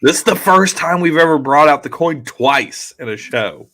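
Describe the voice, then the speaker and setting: Casual swearing podcast host. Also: male voice, fairly high pitch, lively intonation, moderate pace, pushed and bright, slight background noise. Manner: loose, swearing, reads out list entries. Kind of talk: casual chat.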